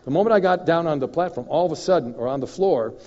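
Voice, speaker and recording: A male guest minister tells stories from the pulpit, lively and chuckling, breaking into little sound effects. His voice comes through a dull, muffled recording with a long church-hall echo. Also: fairly high pitch, fast talker. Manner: animated storyteller, chuckles, mouth sound effects. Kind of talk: sermon with personal storytelling.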